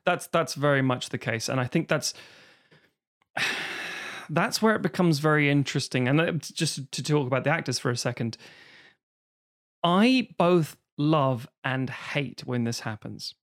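A man's voice: fairly high pitch, unhurried, fairly bright tone. A man with a London accent co-hosting a podcast, speaking thoughtfully in casual chat with hesitant restarts. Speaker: podcast co-host.

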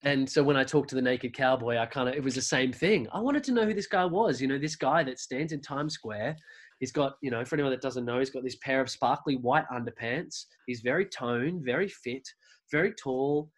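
Australian male guest, casual rambling storyteller, everyday mid-pitch voice. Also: fairly quick. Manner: rambling, many restarts and fillers. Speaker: podcast guest.

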